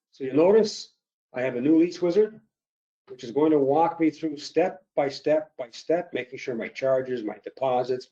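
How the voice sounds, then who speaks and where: A man presenting a software product demo in a webinar, walking through features step by step. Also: mid-range voice, lo-fi sound. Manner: explanatory, steady walkthrough with fillers.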